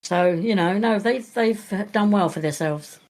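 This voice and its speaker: A woman's voice: medium pitch, a little slow, darkish tone. Older grandmother telling rambling stories. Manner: rambling, with frequent restarts. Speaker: podcast guest, grandmother. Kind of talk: casual storytelling.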